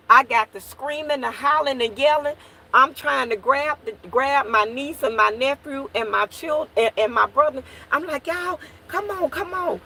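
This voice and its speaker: Woman, slow unhurried delivery, gravelly edge, emotional personal testimony, halting repeats, faint noise behind. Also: on the high side, sharp tone. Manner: repeats and restarts while reliving events, calls to listeners. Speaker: storyteller addressing her viewers.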